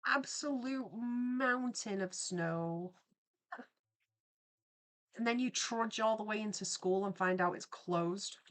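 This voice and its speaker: A woman's voice: mid-range voice, slow, long pauses, a bit bright. A young woman, hosting a livestream and chatting casually while she draws, telling rambling stories full of asides. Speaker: livestream host and artist. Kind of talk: casual chat while drawing on stream.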